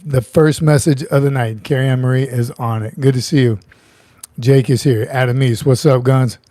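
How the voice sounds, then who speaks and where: A man's voice: mid-range voice, fairly even intonation, moderate pace, warm tone, dry recording. A middle-aged man hosting a casual livestream, chatty, joking and greeting viewers by name. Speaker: livestream host.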